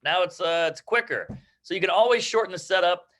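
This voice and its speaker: A man with a bright, forceful voice that sits a little high for a man. He talks brash and quick, swearing freely and mocking himself as he gives stand-up advice to a class. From New York. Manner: brash, rapid, profane and self-mocking. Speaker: guest comedian. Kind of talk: casual advice in an online comedy class.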